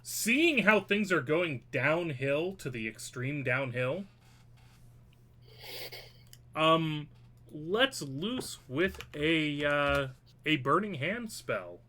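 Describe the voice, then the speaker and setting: A man's voice: on the high side, very animated, takes it slowly, pushed and bright. A man acting as game master, joking and hedging as he runs a tabletop game online, swearing now and then.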